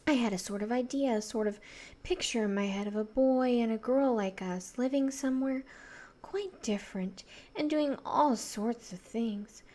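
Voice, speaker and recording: A woman's voice: on the high side, moderate pace, dark tone, lightly acted. A woman voicing a dreamy, sensible young girl in a storybook reading.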